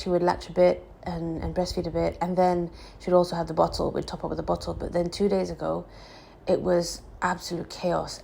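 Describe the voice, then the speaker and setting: A young woman, a new mother, talking candidly in a casual vlog, her voice croaky and hoarse from exhaustion and lack of sleep, rambling with fillers and restarts. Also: on the low side, mellow, a little hiss or hum, poor audio.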